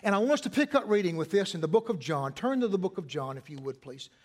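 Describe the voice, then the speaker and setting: A man's voice: high voice, lively intonation, fast. A middle-aged man preaching a sermon as pastor, conversational, repeating phrases and asking the congregation questions.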